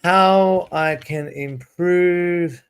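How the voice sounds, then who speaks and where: A man's voice: high-pitched, fairly even intonation, extremely slow, smooth. Male teacher, 30s, raised voice, loose rambling livestream chat. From South Africa. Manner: rambling, restarts sentences, reads prompts aloud. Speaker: ESL teacher and streamer.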